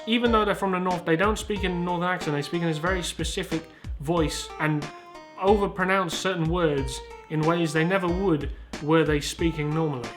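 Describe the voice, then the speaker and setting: A man in his twenties with a Southern English accent, hosting a casual comedic commentary in a rambling, sweary, self-mocking way. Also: on the high side. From Southern England. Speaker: YouTuber host.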